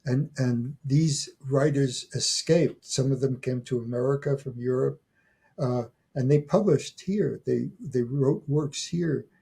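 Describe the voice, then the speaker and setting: An elderly man in his eighties speaks slowly and haltingly as an interview guest, repeating words as he restarts his phrases. His voice is mellow and a little husky. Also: medium pitch. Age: 80s. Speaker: guest, folklore scholar. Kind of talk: conversational interview.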